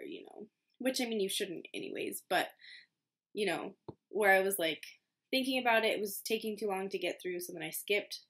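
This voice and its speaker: With a medium-pitched, fairly bright voice, a medical student in her twenties casually narrates a story to the camera. The delivery is chatty and filler-heavy, self-deprecating with frequent laughter, recorded at home on a camera mic.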